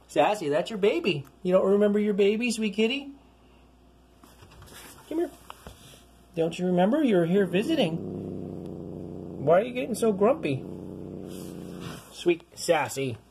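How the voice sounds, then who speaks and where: A woman's voice: fairly low pitch, darkish tone, a little hiss or hum. A woman filming her cats at home, coaxing and calling them in a sing-song baby-talk voice. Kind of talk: cooing baby talk to pets. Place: house with pets.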